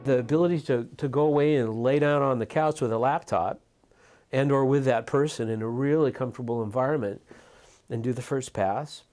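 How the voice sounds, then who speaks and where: A man's voice: medium pitch, a little fast, darkish tone. A middle-aged man talking reflectively in an interview as a music mixer, thinking aloud with frequent restarts and repeated words.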